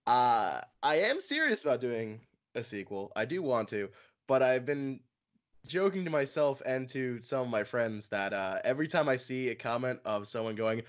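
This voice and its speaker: A man's voice: medium pitch, big pitch swings, moderate pace. A young man co-hosting a casual podcast-style chat, laughing often and swearing casually. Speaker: channel co-host.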